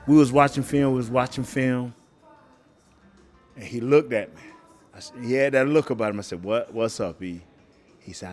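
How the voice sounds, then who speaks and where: A middle-aged man, a podcast guest telling lively stories, acting out quotes and laughing often. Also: medium pitch, moderate pace, soft background music. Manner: animated storyteller, acts out quotes, laughs often. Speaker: guest, former football player. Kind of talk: storytelling podcast interview.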